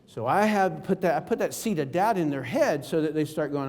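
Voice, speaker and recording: A man with a notably high, animated voice delivers a seminar talk from the stage. He hammers his points home with emphatic rhetorical questions, and a long reverb from the big hall trails each line. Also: a little fast, few pauses. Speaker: keynote speaker.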